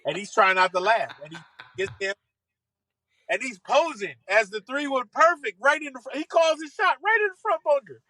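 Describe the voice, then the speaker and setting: Guest storyteller: man, high and bright, animated and quick to laugh, dry close sound. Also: no echo. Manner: lively, acts out voices, laughs often.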